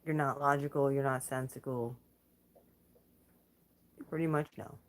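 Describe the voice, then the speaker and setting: Blunt low-voiced woman vlogging. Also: steady tone, a little slow. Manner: blunt, profane, laughs between remarks. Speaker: channel host. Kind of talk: casual spiritual vlog rant.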